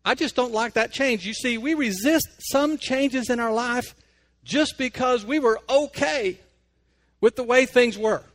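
A man's voice: extremely high pitch, measured pace, fairly bright tone. A man hosting a radio devotional, telling stories and talking plainly about faith in a conversational way. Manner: folksy storytelling, plain-spoken.

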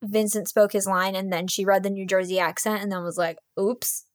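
A woman co-hosting a podcast, reviewing an audiobook in casual, fast chat full of "like" fillers. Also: mid-range voice, fairly even intonation, no echo, clean studio sound. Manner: chatty, fast, lots of "like" fillers.

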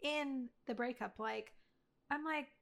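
A woman's voice: high voice, slow pace, creaky, fairly bright tone. A woman co-hosting a casual movie review chat, talking in a gushing, chatty way with lots of fillers. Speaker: podcast co-host.

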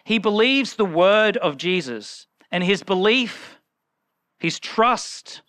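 A man's voice: sits high, expressive, takes it slowly, fairly bright tone, clean tone, dry recording. A man preaching a conversational sermon, acting out the people in the story as he retells it.

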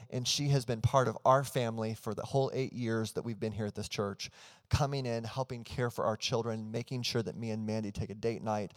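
A man's voice: medium pitch, long reverb tail. A man in his thirties preaching a sermon as pastor, telling a family story earnestly and leading into prayer. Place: church hall.

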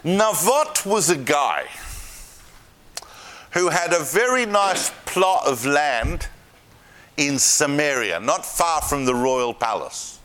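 Man, Bible teacher, lively storytelling lecture, chatty asides, bright voice. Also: on the high side, takes it slowly, a little hiss or hum. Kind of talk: lively lecture to a live class.

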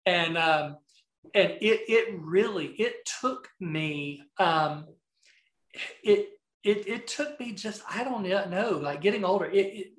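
With a roomy sound and a high voice, a middle-aged Southern man guests on a podcast as a video marketing coach. His casual interview talk rambles through animated anecdotes, and he restarts often.

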